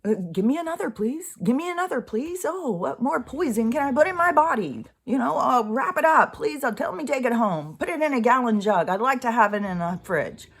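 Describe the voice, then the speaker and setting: A shrill, whiny voice begs over and over in a sarcastic, pleading tone, as a woman mocks a naive person. It rises well above her normal pitch. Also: lively intonation, a little fast, few pauses, breathy edge, heavily acted. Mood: mocking. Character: mocking caricature of an eager, naive adult.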